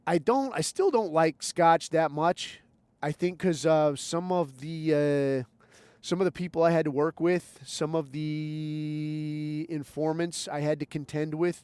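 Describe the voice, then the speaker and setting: A man in his thirties rants through crude stories, swearing freely as he rambles from one tangent to the next. His voice sits a little high for a man and sounds close and dry, with no room around it. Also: smooth, no echo. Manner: profane, rambling storytelling. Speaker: podcast host. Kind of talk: crude comedic rant.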